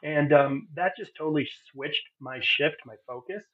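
Earnest husky man on a thin line. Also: on the high side, moderate pace. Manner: earnest, heartfelt, many fillers and restarts. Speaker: podcast guest. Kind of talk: candid personal testimony. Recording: phone-like narrow sound.

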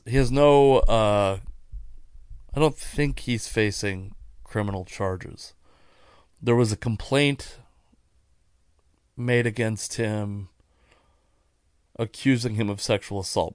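Worn-out guy rambling solo on his podcast, wry, keeps correcting himself, middle pitch, dead dry sound. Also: clean tone, no echo. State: tired. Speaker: podcast host. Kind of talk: casual solo podcast monologue.

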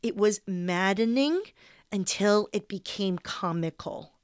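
Reading her own personal essay, a young woman sounds expressive, candid, and wry, with the odd curse. Her mid-pitched voice is clear and resonant at a slow pace, and the close recording is dry with no room sound.

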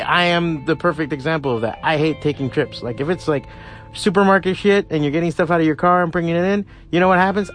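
A man hosting a solo podcast in a casual, rambling rant, swearing freely and climbing to heated emphasis. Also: on the high side. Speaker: podcast host.

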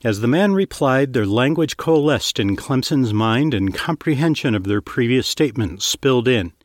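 A man's voice: medium pitch, expressive, moderate pace, no room sound. Man narrating fiction, dry close mic.

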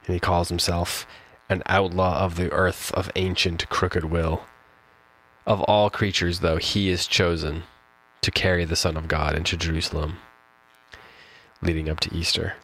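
Unhurried and flat, a low-voiced man with a fairly bright tone hosts a poetry show, reflecting informally on a poem with fillers and restarts and reading it aloud slowly. It's a low-quality recording.

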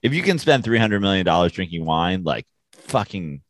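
A man's voice: sits low, sing-song, normal speed. A man co-hosting a casual sports podcast, sarcastic and joking. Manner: sarcastic, joking, does mocking voices. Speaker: podcast co-host.

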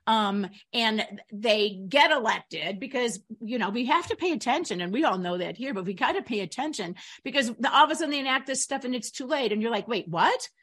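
A woman co-hosting a political talk show, chatty and quick to laugh, often restarting her sentences. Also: a little high, lively intonation, fairly bright tone. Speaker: radio talk show co-host.

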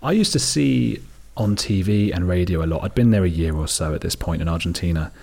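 A man with a very low, husky voice. He tells long, rambling stories in relaxed interview chat and slips into little impressions of the people he describes. He sits close to a desk microphone. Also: fairly quick. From United Kingdom. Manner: rambling storyteller, mimics people he quotes. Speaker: documentary filmmaker, guest. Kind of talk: casual interview conversation.

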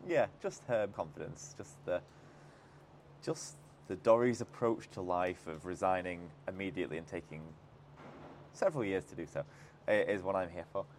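A man's voice: low-pitched, normal speed, a little mellow, a little hiss or hum. A man co-hosting a podcast, signing off outdoors by a dock with dry, teasing humor. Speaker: podcast co-host. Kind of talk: casual chat.

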